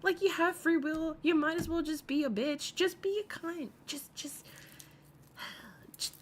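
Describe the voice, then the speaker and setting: A woman's voice: high-pitched, a little slow, a little hiss or hum. A woman hosting a casual commentary livestream, chatty and gossipy, swearing freely and greeting viewers by name. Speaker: livestream host.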